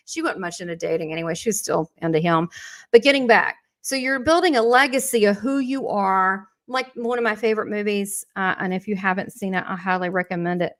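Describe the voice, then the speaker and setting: A woman leads a live spiritual lesson in a loose, chatty way. She wanders through asides and restarts her sentences, then turns encouraging and motivational as she talks to her listeners. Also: medium pitch. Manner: rambling and conversational, with frequent restarts and asides. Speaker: host and spiritual teacher.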